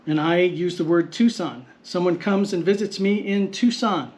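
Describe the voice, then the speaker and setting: A man teaching vocabulary in a patient, explanatory lesson, repeating words slowly and deliberately. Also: sits high, a little mellow. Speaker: language teacher. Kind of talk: slow explanatory lesson narration.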